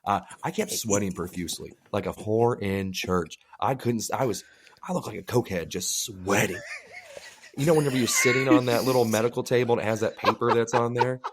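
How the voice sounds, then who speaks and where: A man co-hosting a casual podcast, telling crude, animated stories and acting out the people in them. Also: on the low side, brisk, a little hiss or hum. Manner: animated storytelling with acted-out quotes; crude joking. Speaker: podcast co-host. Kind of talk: casual chat.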